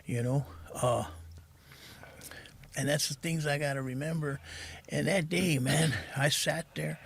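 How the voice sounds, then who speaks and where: A middle-aged man telling his recovery story as a podcast guest, soft-spoken and halting, saying "man" often. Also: medium pitch, fairly even intonation, husky.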